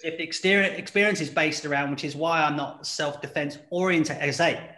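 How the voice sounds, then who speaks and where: A man in casual conversation who talks in an animated way, acting out quoted voices and laughing often. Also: on the high side, a little fast. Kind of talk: casual chat. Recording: echoey room.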